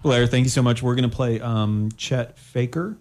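A man's voice: mid-range voice, moderate pace, a little hiss or hum. Joking male radio host. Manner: joking, deadpan. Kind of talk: casual radio chat. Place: college radio studio.

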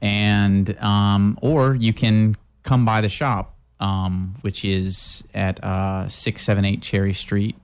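A man's voice: fairly low pitch, flat delivery, takes it slowly, hardly any pauses, clean tone. A man guesting on a radio show, talking in a laid-back, hesitant way about his woodworking shop. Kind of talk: casual radio interview. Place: radio studio.

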